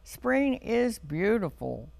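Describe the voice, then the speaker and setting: A man voicing a kind mother rabbit in a children's storybook, speaking in a soft, soothing manner. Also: sits high, big pitch swings, slow pace, creaky, no echo, voice pushed up, heavily acted.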